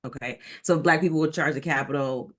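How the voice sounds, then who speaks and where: A woman from Detroit, a diversity coach, talking candidly in an interview, animated and frank with plenty of ums and likes. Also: low-pitched, fast. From Detroit, Michigan, United States. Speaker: diversity and inclusion coach, guest. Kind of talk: candid personal storytelling in an interview.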